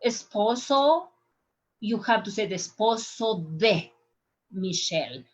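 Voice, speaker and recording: A woman's voice: mid-range voice, expressive, slow, dull audio. A woman teaching a Spanish lesson over slides, speaking patiently and repeating words so learners can drill them. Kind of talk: online language lesson with slides.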